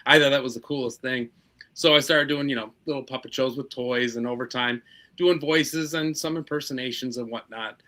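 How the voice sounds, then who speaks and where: Bright-voiced joking man puppeteer. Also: mid-range voice, fairly even intonation, normal speed. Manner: joking, wisecracking. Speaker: puppeteer guest. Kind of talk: casual video chat.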